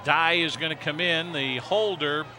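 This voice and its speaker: A man calling high school football play-by-play, brisk and rising to shouts on big plays. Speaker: play-by-play announcer. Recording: noisy outdoor stadium broadcast with crowd.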